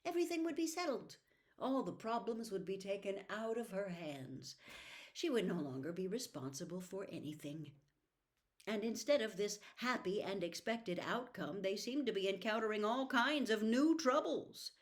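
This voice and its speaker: A woman narrating a novel aloud in an expressive storytelling manner. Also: medium pitch, moderate pace. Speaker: reader. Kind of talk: audiobook narration.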